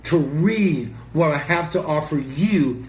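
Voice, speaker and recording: A man's voice: on the high side, animated, slow pace. A man giving a passionate, preachy motivational talk to camera as an entrepreneur and mentor, emphatic and sometimes swearing. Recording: echoey room with faint ambient noise.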